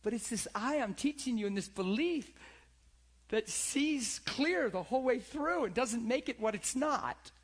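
A middle-aged male pastor preaching a sermon, swinging from loud calls to hushed, near-whispered lines. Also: extremely high pitch, animated, unhurried.

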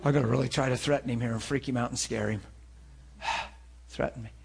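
A man preaching a sermon to a class, talking in an animated, conversational way. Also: mid-range voice, racing, creaky.

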